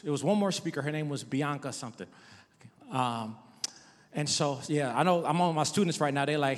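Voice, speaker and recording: A man's voice: fairly high pitch, brisk, long reverb tail. A middle-aged male pastor preaching a sermon, telling his own story and urging listeners with rising emphasis. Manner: testimonial preaching, shifting from soft to emphatic.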